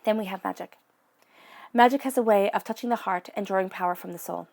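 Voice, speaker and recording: A woman giving an encouraging psychic tarot reading in a gentle, spiritual way of speaking. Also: mid-range voice, fast talker, gravelly. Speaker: tarot reader.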